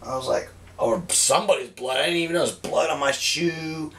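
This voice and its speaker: A man telling a long story in a casual, rambling way, swearing constantly and retelling moments with animated energy. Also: a little high, a little fast, gravelly, distant mic. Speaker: cigar reviewer telling a story.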